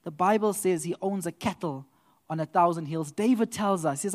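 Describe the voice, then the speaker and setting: A man giving a church testimony that builds into preaching, telling his story with laughter and loud outbursts. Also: sits high, fairly quick. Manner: animated storyteller who laughs and swells into loud exclamations.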